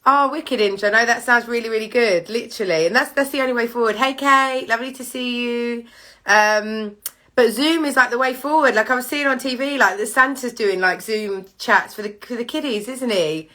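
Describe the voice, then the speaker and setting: Bright-toned bubbly woman hosting a live stream. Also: on the high side, moderate pace. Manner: chatty, bubbly, talks straight to viewers. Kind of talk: casual live-stream chat. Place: home living room with piano and candles.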